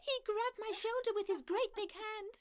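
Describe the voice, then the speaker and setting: A woman voicing a gentle, sweet young fairy in a cartoon, soft-spoken and giggly. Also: extremely high pitch, normal speed. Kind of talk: cartoon dub.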